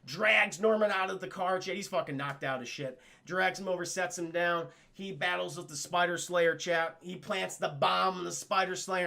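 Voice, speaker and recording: Bright, gravelly man in a casual recap. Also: high voice, normal speed. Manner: rambling, profane, keeps addressing the chat. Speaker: livestream cartoon reviewer. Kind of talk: casual spoiler recap to a live chat.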